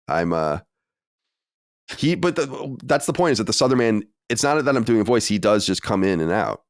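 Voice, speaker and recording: A man's voice: fairly low pitch, big pitch swings, moderate pace, no room sound, clean studio sound. A man hosting a podcast in loose, rambling, self-deprecating casual chat. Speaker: podcast host.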